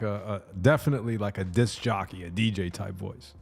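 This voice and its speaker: A man in his fifties chatting casually on a livestream, playful and laughing often, sometimes dropping into a low put-on DJ voice. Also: brisk, vocal fry, few pauses, slightly rough, faint music behind. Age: 50s. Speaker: livestreaming artist.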